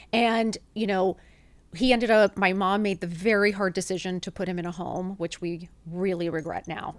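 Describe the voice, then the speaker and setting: Expressive woman in her fifties, swearing freely. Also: mid-range voice. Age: 50s. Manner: emotional, rapid, swears freely, acts out quoted dialogue. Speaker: podcast guest. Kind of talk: candid storytelling interview.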